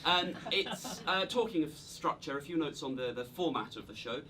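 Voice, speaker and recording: A stand-up comedian with a slight cold tells a story, his a little high voice lively in intonation and bright and forceful in tone, at a moderate pace. Self-deprecating and hesitant, he projects without a microphone in a small live room as the audience laughs, with a little hiss or hum in the recording.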